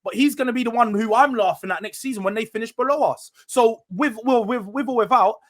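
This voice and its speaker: Man, high voice, rapid, insistent, heated fan debate. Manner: insistent, talks over others, repeats himself. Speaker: football fan panelist.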